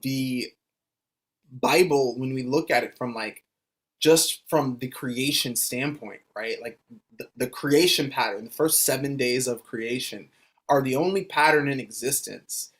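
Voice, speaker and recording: A man co-hosting a podcast in casual chat, halting and hesitant, often pausing with "um" and restarting sentences. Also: medium pitch, fairly bright tone. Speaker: podcast co-host.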